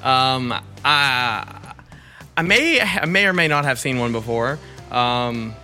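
A man's voice: medium pitch, expressive, slow, sharp tone, soft background music. A young man co-hosting a casual chat who laughs often and swears freely while joking crudely. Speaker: podcast co-host.

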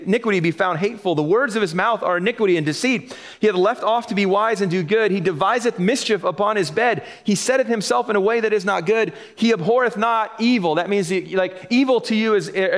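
High-voiced man preaching a sermon. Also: fairly quick. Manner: animated, acts out voices in Bible stories. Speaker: pastor.

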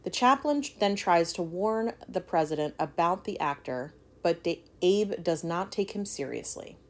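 A woman's voice: on the low side, lively intonation, moderate pace. A woman co-hosting a podcast, reading a history story aloud and breaking off to joke and swear. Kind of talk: casual storytelling chat.

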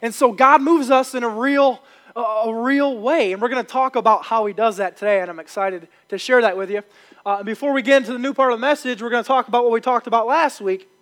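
A man's voice: very high-pitched, fast, fairly bright tone. A male pastor, preaching a sermon with emphatic repetition.

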